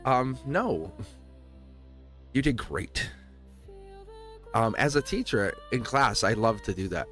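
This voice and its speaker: A man's voice: medium pitch, lively intonation, normal speed, long pauses, fairly bright tone, faint music behind. A man hosting a live tarot stream, chatting casually with viewers, laughing often and firing off rhetorical questions.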